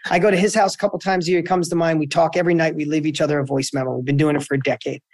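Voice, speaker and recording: A guest entrepreneur speaks very fast in a motivational interview, telling stories emphatically with animated swings in pitch. The sound is dry and close, with no echo.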